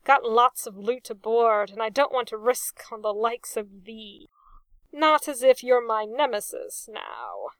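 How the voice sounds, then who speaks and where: A man's voice: very high voice, lively intonation, measured pace, a bit bright, clean tone, dry recording, exaggerated voice. A woman voicing a hearty pirate captain who talks in old-fashioned pirate speech. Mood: easygoing. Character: jovial gruff pirate captain, easygoing.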